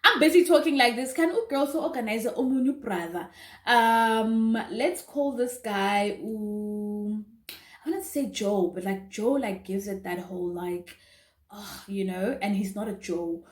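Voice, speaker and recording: A young South African woman telling a casual storytime, chatty and animated, with asides to her viewers. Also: medium pitch, measured pace. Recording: roomy echo.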